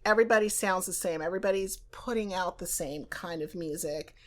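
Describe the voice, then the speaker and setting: A woman's voice: fairly low pitch, brisk. An American woman hosting a podcast, chatting in a reflective, conversational way. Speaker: podcast host. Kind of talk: casual interview chat.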